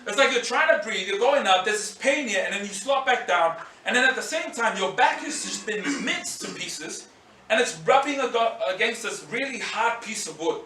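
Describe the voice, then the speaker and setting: A man's voice: high-pitched, moderate pace, slight background noise. A man preaching a sermon in a church hall, acting out scenes as he speaks. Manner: animated, acts out scenes and voices. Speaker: pastor. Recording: echoey hall, mic at a distance.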